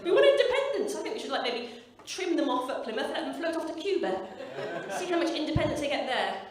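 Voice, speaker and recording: Doing stand-up in a club, a Midlands woman in her forties delivers brash, punchy, sweary material. Her voice sits high and she's animated and fast. The stage mic picks her up from afar in an echoey room, with audience laughter behind her.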